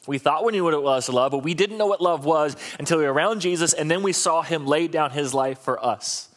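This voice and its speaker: A man's voice: on the high side, fairly quick, fairly bright tone. A middle-aged man preaching a sermon as a pastor, talking in a conversational, humorous and repetitive way.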